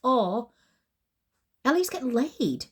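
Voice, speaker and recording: A woman's voice: high-pitched, very animated, extremely slow, slightly rough, pitched above the performer's own voice, exaggerated voice. A woman voicing a blunt, caring female friend and boss who pushes hard and talks matter-of-factly. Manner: pushy, insistent, matter-of-fact.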